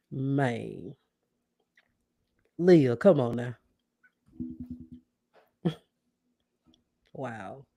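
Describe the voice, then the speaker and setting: A woman podcast host chatting casually with livestream viewers, warmly thanking them and reacting to their comments. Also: sits low, normal speed, dry recording, studio quality. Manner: chatty, keeps addressing viewers as y'all; warm and grateful, reacts to comments.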